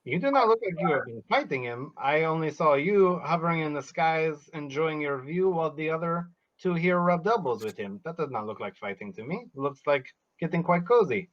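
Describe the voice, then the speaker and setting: A man playing a stubborn, defiant adventurer who insists the quest is his own, talking with halting fillers when unsure. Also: on the high side, expressive, muffled recording, lightly acted. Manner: defiant, curses, many filler ums. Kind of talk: in-character tabletop role-play.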